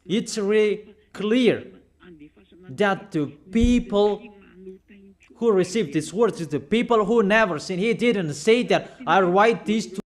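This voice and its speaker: A male preacher delivering a sermon in a fairly high voice. He talks insistently, going back over his points and pressing his warnings on the listeners. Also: lively intonation, slow.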